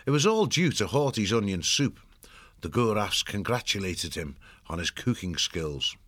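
A man reading a storybook aloud as narrator, in a measured, expressive way. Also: on the low side, no echo. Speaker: audiobook narrator.

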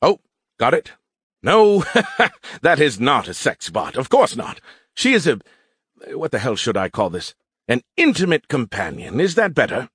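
A male narrator voicing a smug, sarcastic male AI that lives in a beer can, teasing in a high, excitable voice. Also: a little slow, pauses often, husky, dry recording, clean studio sound, exaggerated voice.

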